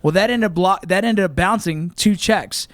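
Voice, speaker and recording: A man who is a regular on a podcast, telling a story in an animated, heavily profane way. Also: sits high, normal speed, dry recording. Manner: animated storyteller, swears a lot. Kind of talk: casual profane chat.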